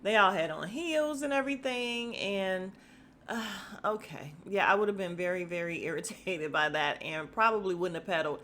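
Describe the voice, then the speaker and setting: A woman's voice: mid-range voice, a bit bright. Sassy chatty woman recapping a show. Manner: chatty and sassy, mimics people in quick asides. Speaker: podcast host recapping a reality show. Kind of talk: casual recap chat.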